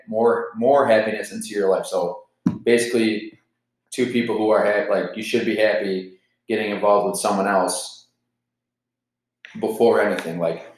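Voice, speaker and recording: It's a casual solo podcast monologue from a caffeine-jittery man in his twenties who rambles candidly and swears freely. His voice runs on the low side with fairly even intonation at a moderate pace, captured in a rough, roomy-sounding recording.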